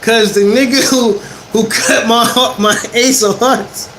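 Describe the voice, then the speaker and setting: A man telling a story to a livestream chat in casual, profane slang, animated and often laughing. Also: very high-pitched, a little slow, a little hiss or hum, rough recording.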